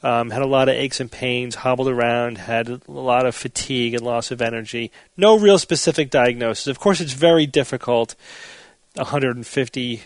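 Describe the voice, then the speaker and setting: A man hosting a podcast panel, explaining facts in a measured, steady way. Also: mid-range voice, no room sound. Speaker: podcast host. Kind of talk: casual panel chat.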